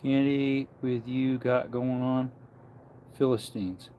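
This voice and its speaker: A man's voice: medium pitch, flat delivery, slow pace, warm tone, slight background noise. A man in his thirties chatting casually on a livestream, rambling and answering chat comments aloud, outdoors near farm animals. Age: 30s.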